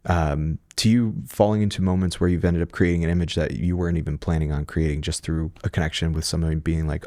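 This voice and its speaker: A man's voice: deep voice, steady tone, fast, few pauses, mellow, no echo, clean studio sound. A man hosting a podcast interview, asking long rambling questions. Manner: long rambling questions, frequent short "yeah" backchannel. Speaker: podcast host.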